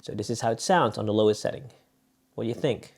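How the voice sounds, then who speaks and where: A gravelly, darkish, breathy-edged voice of medium pitch moves at a quick pace as a Bisaya-accented Filipino man tests mics for a vlog. His talk is rambling and unscripted, full of fillers, recorded in an echoey room with changing microphones.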